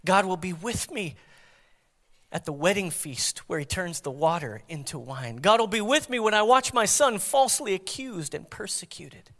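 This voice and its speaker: Male pastor, dynamic sermon delivery, loud to hushed, high-pitched voice. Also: lively intonation, normal speed, in a large hall.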